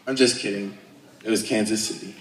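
A man's voice: fairly low pitch, fairly quick. A young man from Alaska doing his first stand-up set, nervous and self-deprecating, telling crude jokes. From Alaska, United States. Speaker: stand-up comedian. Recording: echoey room, voice far off.

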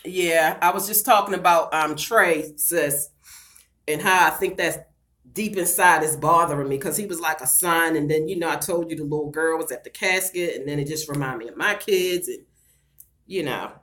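A woman's voice: low-pitched, moderate pace, a bit bright. A woman in her thirties on a casual live-stream vlog, tearful and blunt. She swears freely and talks straight to viewers as "y'all" and "girl.". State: tearful, voice breaking. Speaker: vlogger reading live chat.

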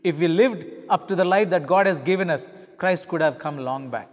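A man's voice: a little high, moderate pace, long reverb tail. A middle-aged male pastor preaching a sermon, telling stories and acting out the dialogue in changing voices. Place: church.

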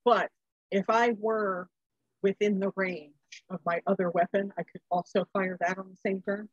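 A woman's voice: medium pitch, fairly even intonation, moderate pace, slightly rough, no room sound, muffled recording. A woman playing a tabletop game, thinking aloud about her moves and asking how the rules work. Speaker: player.

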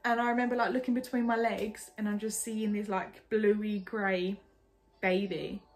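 A woman's voice: mid-range voice, moderate pace. A young woman from England telling a personal story in a casual, candid way, full of "like". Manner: chatty, lots of "like", candid and animated. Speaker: vlogger.

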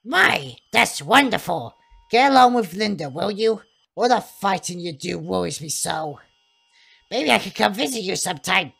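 Woman doing a gravelly, confused old mother. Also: mid-range voice, expressive, normal speed, fairly bright tone, pitched above the performer's own voice, full character voice. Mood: doting. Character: frail confused elderly mother, fretful. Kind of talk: voicing game dialogue.

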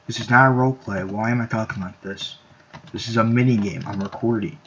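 A man with a fairly low voice rambles excitedly as he plays a video game and breaks into shouts at the screen. The recording is dull and lo-fi, with faint keyboard clicks behind him. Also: brisk, a little hiss or hum. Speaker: gameplay YouTuber. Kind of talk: casual gameplay commentary.

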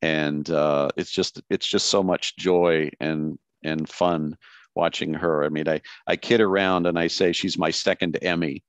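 A man's voice: rumbling low, fairly even intonation, unhurried, clean tone, no room sound. An older man, a retired news anchor from the Seattle area, talking in a wry, opinionated and jokey way as an interview guest. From Seattle area, United States. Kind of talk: casual interview chat.

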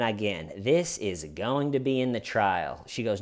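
Wry, animated male true crime commentator. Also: lowish voice, measured pace, few pauses. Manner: animated, conversational, slips into quoting people; wry, dark humor. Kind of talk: casual video commentary.

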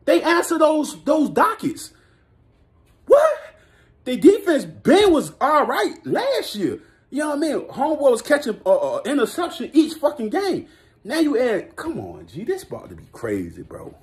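A man ranting as a vlogger, excitable and boastful, with lots of street slang and frequent laughter. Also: extremely high pitch, moderate pace. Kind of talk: sports hot-take rant.

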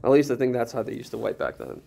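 A male pastor preaching an animated sermon, full of jokes and rhetorical questions. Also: medium pitch, fast, vocal fry, slight background noise.

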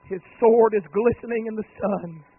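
A high-pitched, husky male preacher, moving between quiet folksy storytelling and drawn-out shouted cries. The recording is thin and tinny, like a phone line. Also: steady tone. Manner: swings from low talk to rising, shouted, drawn-out cries. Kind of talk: holiness sermon.

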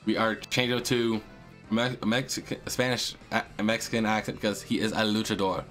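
A man hosting a video game let's play, excitable and slangy, cursing and talking to his viewers. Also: lowish voice, brisk, soft background music. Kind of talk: casual gameplay commentary.

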